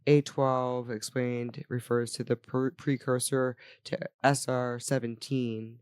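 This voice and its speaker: A woman's voice: extremely low pitch, level tone, slow pace, darkish tone, clean tone, no echo, clean studio sound. A young woman co-hosting a podcast, chatting casually with strong opinions, frequent swearing and laughter. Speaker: podcast co-host. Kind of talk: casual chat.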